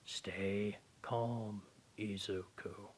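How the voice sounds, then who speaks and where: A hoarse man with a sore throat voicing a calm, firm adult man who speaks steadily and softly in a husky voice. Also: on the low side, very slow, a little hiss or hum. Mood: soothing. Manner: steady, soothing, often hushed.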